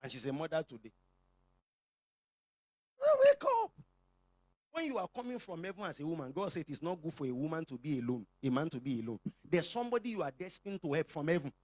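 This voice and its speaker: Lively Nigerian pastor preaching. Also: male voice, on the high side, no room sound. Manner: lively, joking with the congregation, call-and-response. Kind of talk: sermon. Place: church.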